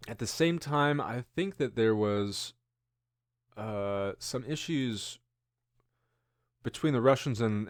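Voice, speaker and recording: A man's voice: fairly low pitch, no echo, clean studio sound. A man in his thirties hosting a casual news-commentary show, rambling and musing with self-deprecating asides. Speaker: host.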